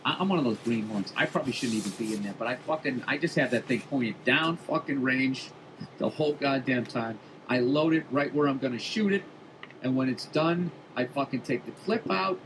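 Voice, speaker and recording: Speaking at a normal speed in a mid-range voice, a male podcast host works through a profane, funny, offhand story that picks up steam as it goes. The background is noisy.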